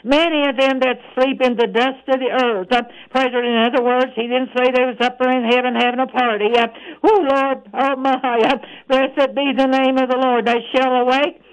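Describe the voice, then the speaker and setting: A woman preaching a radio sermon, breaking every phrase with "praise the Lord" and reading scripture slowly. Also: high-pitched, fairly even intonation, smooth, rough recording. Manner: reads scripture aloud in a slow, measured voice.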